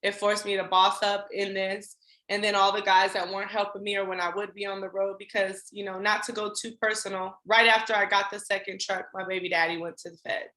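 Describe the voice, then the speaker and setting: A bright-voiced woman in her thirties tells her story as a podcast guest, candid and animated, slipping into quick voiced asides. Her voice rings in an echoey room. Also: medium pitch. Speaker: podcast guest, trucking business owner.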